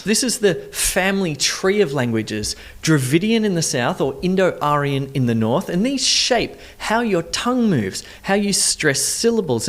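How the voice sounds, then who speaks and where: An accent coach giving a scripted explainer, talking clearly and asking the viewer questions. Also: medium pitch.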